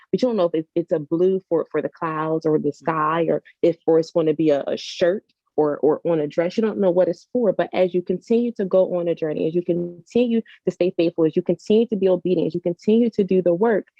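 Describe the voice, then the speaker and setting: A woman's voice: lowish voice, warm tone, dry recording. Woman guest on a call, dry and muffled audio, earnest, lots of "like", pours out feelings. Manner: earnest, effusive, full of "like" and restarts. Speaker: author and mother, interview guest. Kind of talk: heartfelt conversational interview. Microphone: video call. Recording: dull lo-fi video call audio.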